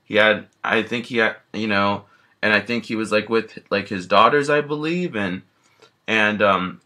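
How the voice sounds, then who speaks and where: Guy telling a rambly story as a bear, kinda low voice but bright and tense, tons of "you know"s. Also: moderate pace. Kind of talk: casual first-person storytelling as a bear character.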